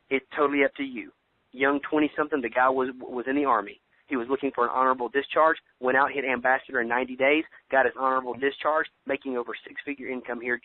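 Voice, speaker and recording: A man coaching his sales team with loud, punchy enthusiasm and pep-talk slang. His voice sits at an ordinary middle pitch, squeezed thin by a tinny phone line. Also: no room sound. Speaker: business trainer. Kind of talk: motivational training call.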